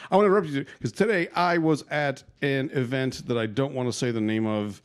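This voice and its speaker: A man's voice: mid-range voice, fairly quick, clean tone. A man co-hosting a podcast in casual chat, eager to jump in with his own story. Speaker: podcast co-host.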